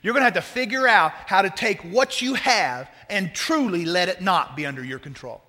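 A man preaching a sermon as pastor, talking to the congregation in a conversational, joking way with lively asides. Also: high voice, normal speed, in a large hall.

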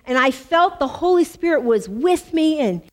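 Animated woman preacher telling a testimony. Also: high voice, normal speed. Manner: animated storytelling, emphatic repeats. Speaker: women's ministry speaker. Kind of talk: sermon with personal testimony.

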